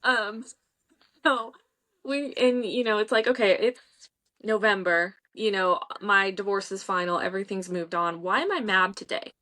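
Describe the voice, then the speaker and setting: A woman's voice: medium pitch, steady tone, normal speed, sharp tone. Chatty woman in her thirties. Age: 30s. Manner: chatty, laughing often, speaking in quoted inner dialogue. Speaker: author and podcast guest. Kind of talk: casual remote interview.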